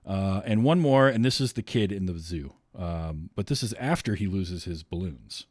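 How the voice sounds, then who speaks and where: A man's voice: deep voice, lively intonation, normal speed, a little mellow, dry recording, clean studio sound. A man hosting a podcast, chatting casually about a film with friends, laughing often and tossing in sarcastic asides. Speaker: podcast host. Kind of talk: casual chat.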